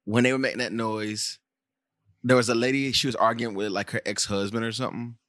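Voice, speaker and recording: A man's voice: mid-range voice, flat delivery, brisk, a bit bright, no room sound, clean studio sound. An American man co-hosting a casual podcast, telling rambling stories full of fillers and restarts. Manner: rambling storyteller with many fillers. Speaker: podcast co-host. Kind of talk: casual chat.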